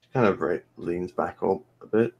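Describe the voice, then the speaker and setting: A man running a tabletop role-playing game, narrating scenes slowly with hesitant restarts. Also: sits low, creaky, dull audio. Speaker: game master.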